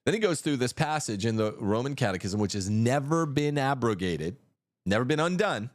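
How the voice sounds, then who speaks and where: A man's voice: mid-range voice, expressive, normal speed. Combative male livestream host. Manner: combative, mocking. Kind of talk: livestream commentary.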